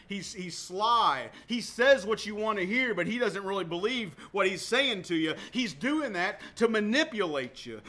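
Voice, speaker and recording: Man, pastor, sermon, high-pitched, bright tone, emphatic, repeats words. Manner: emphatic preaching with sharp swings in volume.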